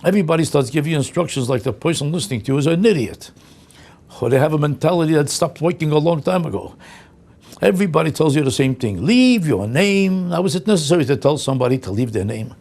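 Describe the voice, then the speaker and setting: A man's voice: on the high side, fast talker, gravelly, a little mellow. An older man delivering a comic rant, indignant and incredulous, piling up exasperated insults. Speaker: comedian. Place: home vlog.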